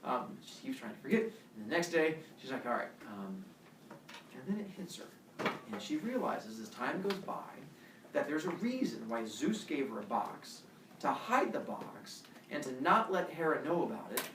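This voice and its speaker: A male teacher telling a myth to his class in an animated way, with a camera across a classroom. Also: mid-range voice, moderate pace, distant mic, background noise. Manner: animated, acts out every voice. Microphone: camera across the room. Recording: roomy classroom heard from afar.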